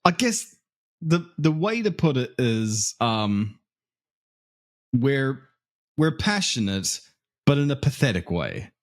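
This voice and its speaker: A man's voice: medium pitch, very animated, takes it slowly, long pauses. A man with a New Zealand accent, a podcast guest chatting casually and laughing at himself. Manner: laughing, self-mocking, loose and chatty. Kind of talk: casual chat.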